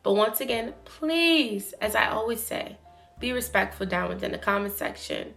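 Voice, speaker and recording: A woman giving casual, opinionated commentary to her viewers, animated and emphatic. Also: medium pitch, moderate pace, gravelly, soft background music. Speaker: YouTube commentator.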